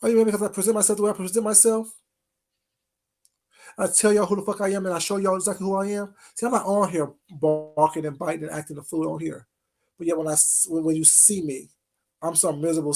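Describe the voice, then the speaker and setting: A vlogger in a mid-pitched voice, neither high nor low, running a confrontational call-out rant. The delivery is taunting and sarcastic. Pet names are drawn out, and pointed rhetorical questions come one after another. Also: a little mellow.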